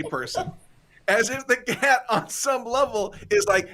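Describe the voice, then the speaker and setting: A man with a somewhat raised pitch chats over a video call. He tells stories playfully and animatedly, laughing easily as he goes. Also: unhurried, fairly bright tone. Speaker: improv teacher and guest. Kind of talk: casual group video chat.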